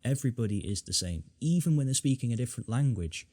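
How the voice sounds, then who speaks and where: A man's voice: medium pitch, lively intonation, quick pace, mellow, dry recording, clean studio sound. A young man with a neutral northern English accent hosting a casual podcast chat, rambling a little and restarting his sentences. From England. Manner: rambling, many restarts, puts on accents for fun. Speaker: podcast host.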